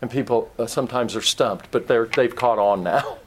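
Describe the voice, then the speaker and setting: A man's voice: medium pitch, moderate pace, a little hiss or hum. A man with a Kentucky accent preaching a sermon in a conversational way, teasing himself and acting out little scenes for the congregation.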